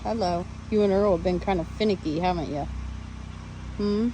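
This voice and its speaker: A woman's voice: lowish voice, moderate pace, background noise. A woman talking to her pet parrots in a coaxing, sing-song baby-talk voice, chatting casually as she checks on them. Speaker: parrot owner vlogger. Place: home during a power outage, near bird cages.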